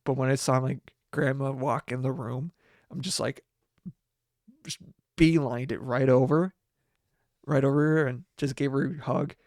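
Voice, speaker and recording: A young man hosting a podcast, telling a personal story in a halting way, with many restarts and laughs through the sad parts. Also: mid-range voice, steady tone, darkish tone, no echo, clean studio sound. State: tearful. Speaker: podcast host. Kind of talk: casual storytelling monologue.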